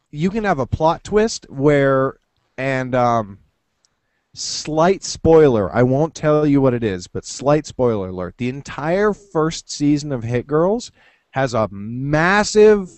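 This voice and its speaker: A man co-hosting a casual podcast, telling things in an animated, jokey way. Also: medium pitch, dry recording. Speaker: podcast co-host.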